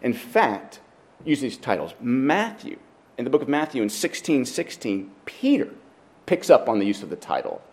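A pastor preaching a sermon, working through scripture passage by passage and growing more animated as he tells a story, sometimes restarting his sentences. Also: medium pitch, moderate pace. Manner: expository, animated when telling stories.

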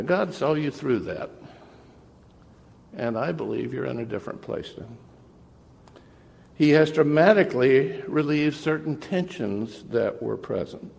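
Gravelly-voiced interim pastor, mid pitch, earnest and measured sermon, long church reverb. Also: male voice, darkish tone. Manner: earnest, measured preaching with pauses. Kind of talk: farewell sermon. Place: church sanctuary.

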